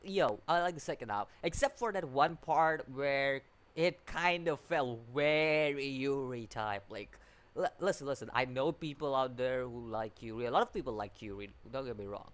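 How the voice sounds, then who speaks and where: Excitable man ranting about an anime. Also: medium pitch, smooth. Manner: animated and incredulous, full of fillers and repeated "like, what?"; laughs often while talking. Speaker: anime reviewer. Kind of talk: casual spoken review.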